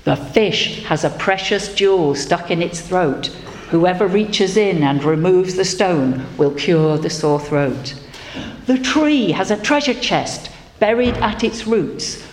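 A grave, wise divine voice, as a woman storyteller puts it on, speaking slowly and solemnly in a low register. A long hall reverb trails each phrase. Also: expressive. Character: deep, slow, wise voice of God. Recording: echoey hall, faint noise.

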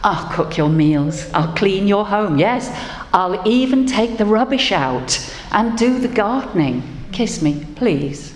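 A woman's voice: mid-range voice, animated, takes it slowly, slight background noise, voice pushed up. A woman voicing an eager, pleading male frog who wants a kiss, in a roomy hall. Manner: pleading, coaxing. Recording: roomy hall with faint ambience.

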